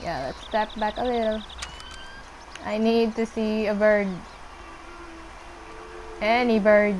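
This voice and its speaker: A young woman casually commenting on her gameplay, chatting to the animals on screen and squealing when excited. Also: medium pitch, slow, a little hiss or hum, low-quality recording. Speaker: gameplay streamer.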